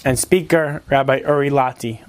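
A man hosting an event, making quick announcements and introducing the next speaker. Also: mid-range voice. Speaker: event host.

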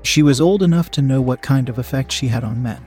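A man steadily reading a first-person erotic story aloud in an even narration style. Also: medium pitch, brisk, slightly rough, faint music behind.

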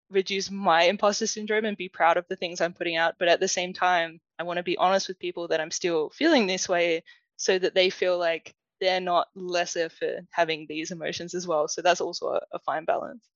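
A woman guest on a podcast talks earnestly in a lowish voice. The sound is dull and dry, as if over a remote call. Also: no room sound. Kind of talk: casual interview chat.

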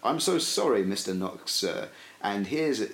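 A man's voice: lowish voice, big pitch swings, measured pace, a bit bright. A man co-hosting a podcast who banters playfully and reads a tongue-twister rhyme aloud in a sing-song way. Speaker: podcast co-host. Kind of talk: casual banter, reading a children's rhyme aloud. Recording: roomy echo.

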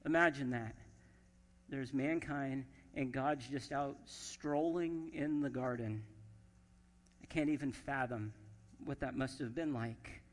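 A man's voice: mid-range voice, takes it slowly. A man preaching a sermon as pastor, reading scripture aloud and acting out the quoted lines with shifting emphasis. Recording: long church reverb.

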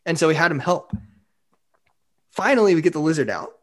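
Man on a podcast, upbeat teller, slightly high voice, loose rambling delivery. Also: fairly quick. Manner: animated, acts out quotes, frequent "like" fillers. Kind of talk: casual storytelling chat.

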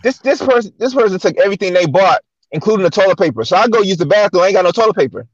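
Quick, high-voiced man telling stories. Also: dry recording, dull audio. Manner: storytelling, animated. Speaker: guest actor. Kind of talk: casual chat.

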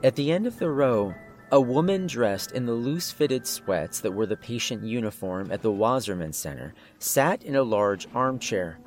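A man's voice: medium pitch, expressive, normal speed, faint music behind. A man narrating a first-person horror story in a tense, scripted way.

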